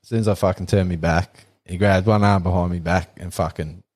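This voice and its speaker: Brief: Australian male guest, ex-athlete, lowish voice, easygoing and sweary yarns. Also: steady tone, brisk, a little mellow. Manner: laid-back, sweary storytelling. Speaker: podcast guest, former athlete. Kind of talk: casual chat.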